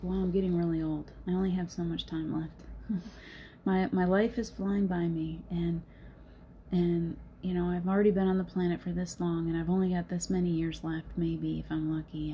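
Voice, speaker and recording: A woman's voice: fairly low pitch, warm tone, a little hiss or hum. A middle-aged woman hosting a casual motivational talk, earnest and encouraging, laughing often. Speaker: host.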